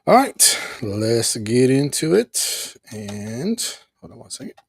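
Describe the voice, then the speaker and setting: Hosting a casual live stream reviewing a cartoon episode, a man is easygoing, laughs often, and acts out the characters' lines as he recaps. His medium-pitched voice is very animated, slow, gravelly and husky, with no room sound.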